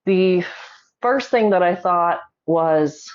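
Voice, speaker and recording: Low-voiced woman recounting a painful story. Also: fairly even intonation, darkish tone, lo-fi sound. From South Carolina, US. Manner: measured, emotional, holding back tears. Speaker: guest. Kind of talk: personal storytelling in an interview.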